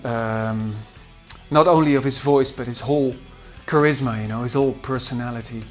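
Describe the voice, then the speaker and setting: Man, Dutch accent, composer interview, hesitant with fillers and restarts, middle pitch, faint guitar music behind. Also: normal speed. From Netherlands. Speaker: composer recalling his album's singers. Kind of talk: interview reminiscence.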